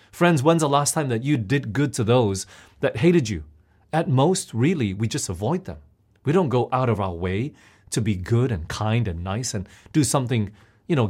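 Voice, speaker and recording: A man's voice: mid-range voice, darkish tone, breathy edge. A man preaching a sermon, often putting questions to his listeners.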